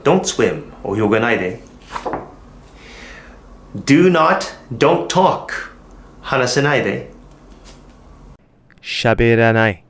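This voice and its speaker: A man teaching an English lesson, drilling short phrases slowly and deliberately. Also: mid-range voice, a bit bright, very echoey, far from the mic. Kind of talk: classroom lesson demonstration.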